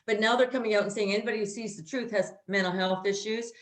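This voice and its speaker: A woman's voice: mid-range voice, steady tone, quick pace, reverberant. A woman co-hosting a casual chat who rants bluntly and swears freely. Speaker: co-host.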